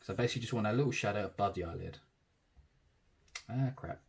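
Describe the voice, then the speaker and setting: A man, casually talking through a digital tattoo drawing in real time, thinking aloud and trailing off softly. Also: on the low side, fast talker, vocal fry, husky.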